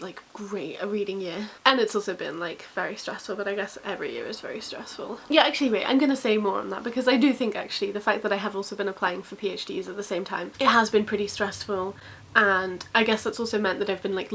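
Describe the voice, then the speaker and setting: A woman's voice: medium pitch, a bit bright, a little hiss or hum, rough recording. A young woman, talking casually to camera about her reading, rambling and peppering her talk with fillers and self-deprecating asides. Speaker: book vlogger.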